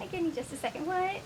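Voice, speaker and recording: A woman's voice: very high voice, noisy background, voice pushed up. A woman voicing a genteel, flustered female vampire librarian in a comic sketch, talking politely and apologetically in a put-on accent.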